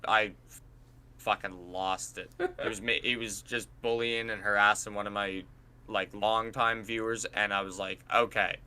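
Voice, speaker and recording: Bright-voiced man telling stream stories. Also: lowish voice, measured pace, smooth. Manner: animated storytelling, swears and laughs often. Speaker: podcast co-host and streamer. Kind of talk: casual chat.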